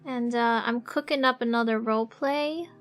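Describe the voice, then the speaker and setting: A woman streamer chatting casually with viewers while she draws, soft-spoken and halting, with many fillers and little giggles. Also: fairly high pitch, soft background music. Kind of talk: casual live-stream chat. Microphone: desk microphone.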